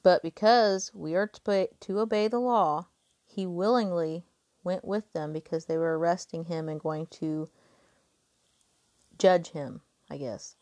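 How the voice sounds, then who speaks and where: A woman's voice: fairly low pitch, a little slow, a little mellow, dry recording. A woman reading a Bible passage aloud and then talking it through casually and earnestly, with some restarts. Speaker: podcast host.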